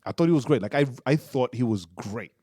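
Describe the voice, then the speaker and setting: A man co-hosting a podcast in casual chat, animated, laughing often and repeating himself. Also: medium pitch, brisk, no room sound. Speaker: podcast co-host.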